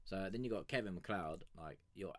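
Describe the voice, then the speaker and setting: A man's voice: deep voice, moderate pace, a bit bright, dry recording. A man chatting casually and crudely with his live-stream audience, rambling and joking on a sugar rush. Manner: profane, rambling, joking banter with chat. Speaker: music review streamer.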